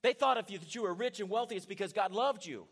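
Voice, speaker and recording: A middle-aged man preaching a sermon in a church, animated and conversational, with asides to his congregation. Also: sits high, fast talker. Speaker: pastor. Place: church sanctuary.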